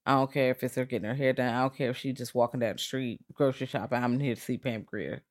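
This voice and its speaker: A woman's voice: very deep voice, steady tone, fast talker. A woman co-hosting a podcast, talking casually about movies in an emphatic, slangy and teasing way. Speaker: podcast co-host.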